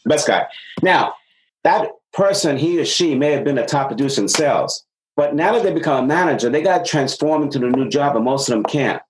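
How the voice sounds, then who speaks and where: A man's voice: a little high, a little fast, slight background noise, poor audio. A middle-aged man, a sales consultant being interviewed, explaining ideas with energy and acting out dialogue from stories. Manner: energetic, acts out quoted dialogue. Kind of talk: interview podcast conversation.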